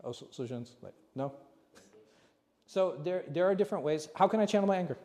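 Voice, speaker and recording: A man's voice: on the high side, animated, brisk, warm tone. A man as an imam giving a conversational religious lesson, throwing rhetorical questions at his audience. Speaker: imam teaching a class. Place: large mosque hall. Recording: long hall reverb.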